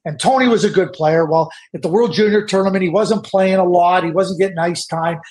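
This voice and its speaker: Insistent high-voiced man. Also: brisk, a little mellow. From Canada. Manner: insistent, repeats words when pressing a point. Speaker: hockey analyst guest. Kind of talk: emphatic opinionated sports talk.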